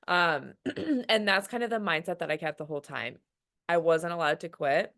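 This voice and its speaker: Young woman, lowish voice, candid motivational talk, team call, quotes her inner voice. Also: normal speed, a bit bright.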